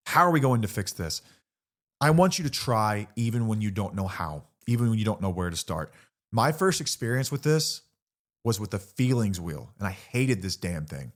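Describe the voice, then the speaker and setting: A middle-aged man hosting a podcast, speaking blunt and earnest about recovery and swearing casually. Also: lowish voice. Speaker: podcast host. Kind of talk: candid recovery talk.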